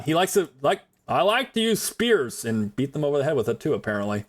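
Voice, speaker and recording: Male streamer who talks nonstop over gameplay, laughs a lot, animated up-and-down delivery. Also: fairly high pitch, brisk, few pauses. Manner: chatty rambler, calls himself a yapper; giggly, laughs often. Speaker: game streamer. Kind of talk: casual live gameplay commentary.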